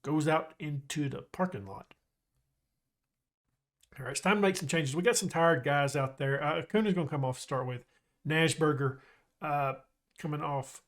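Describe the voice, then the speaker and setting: A man casually commentating his own football management game, chatty and excitable, joking with his viewers. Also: fairly high pitch, moderate pace, long pauses. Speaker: gaming YouTuber.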